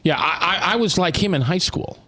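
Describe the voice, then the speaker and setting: A man's voice: high-pitched, pushed and bright. Rambling male talk radio host. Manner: rambling, restarts often, drawn-out emphatic phrasing. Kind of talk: casual talk radio chat.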